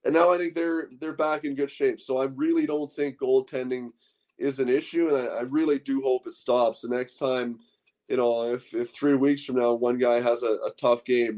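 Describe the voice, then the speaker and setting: A man with an ordinary mid-pitched voice talks as a podcast guest. He works through his sports analysis in loose, rambling sentences, full of 'you know' and 'like'. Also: darkish tone.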